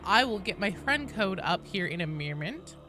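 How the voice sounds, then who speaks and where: A tired woman streaming a game, greeting chat by name in animated, casual talk, with some swearing. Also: medium pitch, moderate pace, noisy background. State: sleep-deprived and tired.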